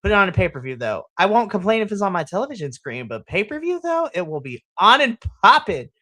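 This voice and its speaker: A woman hosting a wrestling podcast in casual chat, animated and gushing, laughing often. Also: mid-range voice, quick pace, no room sound.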